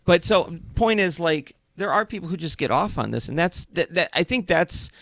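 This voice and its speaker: A man's voice: fairly high pitch, expressive, moderate pace, creaky, a bit bright, no room sound. A man co-hosting a casual podcast, rambling through stories with lots of stammered restarts and swearing. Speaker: podcast co-host.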